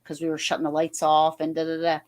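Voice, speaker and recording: A woman's voice: low-pitched, completely flat delivery, fast talker. A woman from New Jersey, a guest paranormal investigator, telling stories casually with many fillers and restarts. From New Jersey, USA. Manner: rambling, full of fillers and restarts. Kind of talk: casual storytelling on a podcast.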